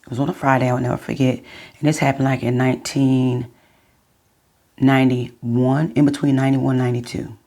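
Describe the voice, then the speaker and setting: Gravelly middle-aged woman telling a story. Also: rumbling low, flat delivery, mellow. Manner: talks straight to viewers, chatty and unhurried. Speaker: vlogger. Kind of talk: casual personal storytelling to viewers.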